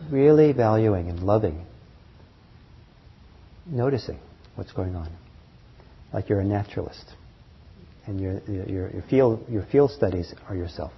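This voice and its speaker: Husky-voiced man teaching meditation. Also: fairly low pitch. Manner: gentle, halting, with many fillers and soft laughs. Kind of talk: dharma talk to a class. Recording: muffled lo-fi recording.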